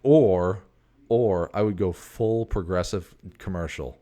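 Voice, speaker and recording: Host, male, 40s, very low voice, loose profane rambling monologue, digressive. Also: takes it slowly, warm tone.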